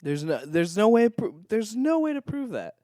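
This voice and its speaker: A young man co-hosting a podcast in a relaxed, agreeable way. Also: high-pitched, moderate pace, dry recording, clean studio sound. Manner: laid-back, agreeable, laughing easily. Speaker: podcast co-host. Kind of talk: casual chat.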